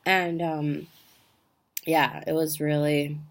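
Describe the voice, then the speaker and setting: A young woman with a low-pitched voice shares a personal testimony at home. She talks in a chatty, heartfelt way, full of "like" and "um" as she goes. It sounds like a casual video update. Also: little pitch movement, takes it slowly. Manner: chatty and heartfelt, many fillers like "like" and "um". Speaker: ministry student sharing a testimony.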